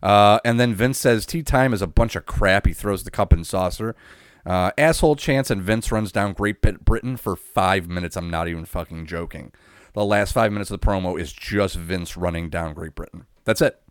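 A man's voice: low voice, normal speed, clear, resonant tone, no echo, clean studio sound. A man co-hosting a podcast, casually recapping a wrestling event blow by blow with lots of filler and swearing. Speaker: podcast co-host.

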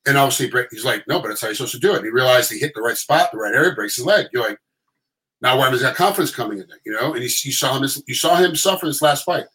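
A middle-aged man telling stories in casual chat, animated and acting out quotes in other voices. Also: mid-range voice, very fast, poor audio.

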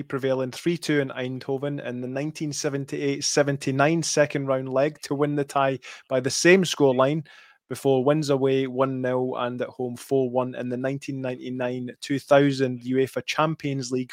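A man's voice: medium pitch, no echo. A Scottish man co-hosting a football podcast, cheerfully reeling off statistics between bits of casual chat. His voice is recorded close and dry, with no room sound. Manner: lively, reels off match statistics. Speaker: podcast co-host.

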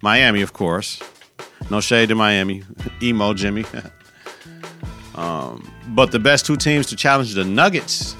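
A man's voice: fairly low pitch, a little slow, pauses often, pushed and bright, soft background music. Profane, slangy man talking sports. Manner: loose, profane, slangy, conversational. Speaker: podcast host. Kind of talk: casual sports talk.

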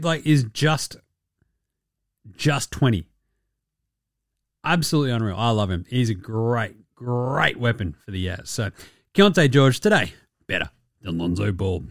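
A man's voice: medium pitch, no echo, clean studio sound. Profane, rambling man. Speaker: podcast host. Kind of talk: casual solo sports commentary.

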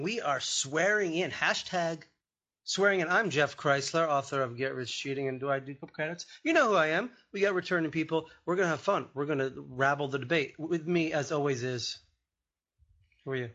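Man in his forties, comedic podcast host, bright edgy tone, rambling joke-heavy delivery. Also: a little high, normal speed. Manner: joking, rambling, animated. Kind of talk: casual comedic political chat.

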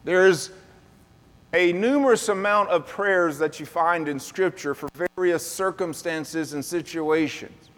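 Slow-talking preacher in a reverberant hall. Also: male voice, fairly high pitch, a bit bright. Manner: call-and-response preaching, asks the congregation to repeat words. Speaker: pastor. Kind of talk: sermon. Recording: long reverb of a large hall.

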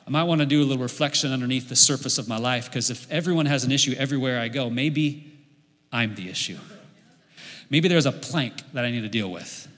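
Bright-voiced pastor preaching in a reverberant hall. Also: male voice, medium pitch, fairly quick. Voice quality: bright, lively preaching voice with humor. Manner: leads the congregation in repeating lines, jokes and laughs. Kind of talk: sermon. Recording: echoey hall with long reverb.

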